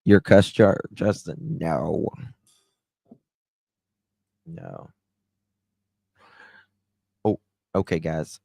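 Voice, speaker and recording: A man's voice: sits low, lively intonation, drawn-out words, gravelly, pauses often, mellow, no room sound. Tired, drawling man on a livestream. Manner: chatty, drawling, talks to chat by name. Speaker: livestream host. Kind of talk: casual livestream chat reading comments.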